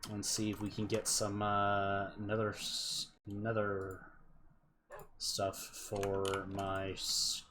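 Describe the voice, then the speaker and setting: A man's voice: on the low side, completely flat delivery, takes it slowly, pushed and bright, a little hiss or hum. A man streaming a game live, chatting loosely, muttering to himself and answering his viewers. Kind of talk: casual live gameplay commentary.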